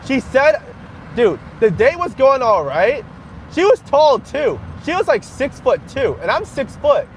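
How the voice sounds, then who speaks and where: A man's voice: very high-pitched, sing-song, measured pace, a little hiss or hum. A man live-streaming from his car as he drives, chatting casually in a rambling way and laughing often. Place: in a car while driving.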